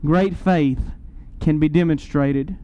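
A man's voice: on the high side, steady tone, slow, dark tone, dull audio. A man preaching a sermon, earnest and rising to emphatic peaks.

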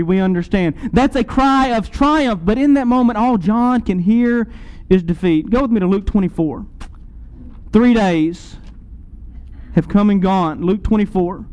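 A man preaching a sermon, retelling a scene dramatically to his listeners and swinging between loud and soft. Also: high voice, smooth, low-quality recording.

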